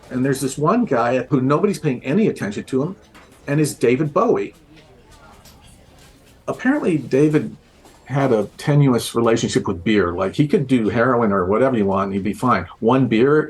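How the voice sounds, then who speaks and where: A man, a guest on a podcast, telling a relaxed anecdote and acting out the voices of the people in it. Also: medium pitch, normal speed. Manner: relaxed storyteller, acts out quoted voices. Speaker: interviewed guest telling a story. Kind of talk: casual anecdote.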